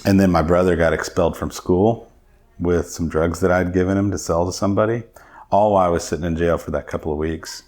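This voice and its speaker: A man's voice: low voice, steady tone, fairly quick, a little mellow. A middle-aged man, a podcast guest, telling his personal testimony in an earnest, reflective way.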